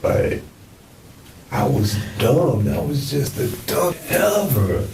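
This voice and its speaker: A man's voice: a little high, expressive, slow pace, darkish tone. A man in police interrogation footage talking remorsefully and repeating himself, recorded in an interrogation room. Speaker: murder suspect in interrogation. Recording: echoey room, mic far off, faint hiss.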